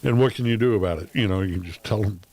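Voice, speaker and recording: A man's voice: lowish voice, quick pace, a little mellow. A man talking casually on his livestream, rambling with frequent ums and wry laughs. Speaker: streamer.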